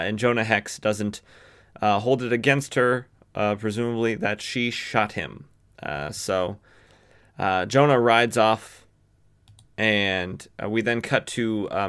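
A man's voice: on the low side, a bit bright, clean tone. A man from the western United States hosting a podcast, casually recapping a comic book with lots of fillers and self-corrections. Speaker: podcast host.

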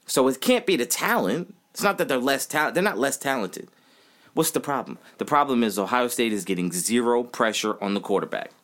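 Podcast host, man in his thirties, mid-pitched voice, fired-up casual sports rant. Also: a little fast. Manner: animated, repeats himself, says y'all.

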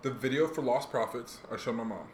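A young man hosting a podcast, chatting casually in a rambling, animated way with lots of fillers. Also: mid-range voice, a little fast. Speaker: podcast host. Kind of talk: casual chat. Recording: echoey room, faint noise.

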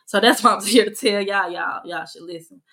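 A young woman talks through her faith on a casual podcast livestream, earnest and conversational, slipping into a sermon-like cadence. Her voice is bright and forward, and her pitch sits at a middle level. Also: a little fast, rough recording. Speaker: podcast host.

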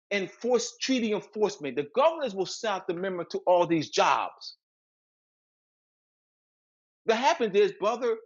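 A man's voice: high voice, dull audio. A man speaking as a guest author, lecturing with emphatic repetition and frequent restarts. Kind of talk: lecturing interview talk.

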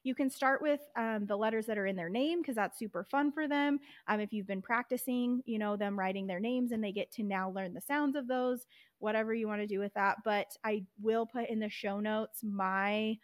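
A woman's voice: medium pitch, normal speed, no room sound. Patient woman explaining phonics steps. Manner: patient, explains step by step and models letter sounds. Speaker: podcast host and reading teacher. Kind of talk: instructional explanation.

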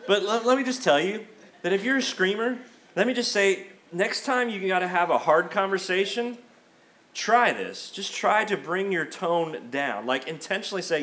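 A middle-aged male pastor preaches in a church, talking to the congregation in a conversational, emphatic way. His voice sits a little high for a man, and he acts out everyday quotes as he goes. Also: animated, moderate pace, fairly bright tone. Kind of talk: sermon. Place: church sanctuary.

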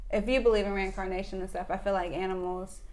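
A woman's voice: mid-range voice, steady tone, fast talker, a little mellow. A woman hosting a podcast in casual, teasing chat, laughing often. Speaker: podcast host.

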